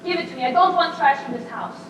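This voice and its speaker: A woman acting out a domineering old grandmother who barks orders in a high, hard voice. The stage play is heard from far off, with a big echo and a hiss of noise around it. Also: fast, fairly bright tone. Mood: commanding. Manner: harsh, commanding. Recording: echoey stage taped from far off, noisy.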